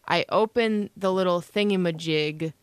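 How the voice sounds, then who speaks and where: A woman's voice: lowish voice, normal speed, clean tone, no echo. A young woman co-hosting a casual chat show, telling a long rambling story with lots of fillers. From Illinois, USA. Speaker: co-host.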